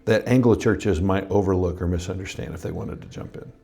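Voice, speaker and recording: A man hosting a pastors' podcast, asking his guest questions in a relaxed, joking way. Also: sits low, a little fast, creaky, faint music behind. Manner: asks questions, jokes easily. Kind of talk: interview-style podcast conversation.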